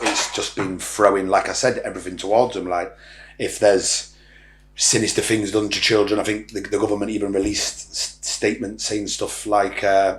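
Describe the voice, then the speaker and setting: A middle-aged man from Ireland, a podcast guest, talking bluntly and rambling, with frequent swearing. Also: deep voice. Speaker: podcast guest, social media influencer. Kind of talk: casual interview talk. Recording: roomy echo.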